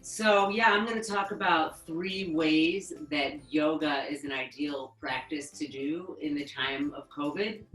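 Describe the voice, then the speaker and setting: A woman yoga therapist teaching a calm, instructive webinar lesson and slowly counting breaths for guided breathing practice. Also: deep voice, reverberant, soft background music, rough recording. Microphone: webinar microphone.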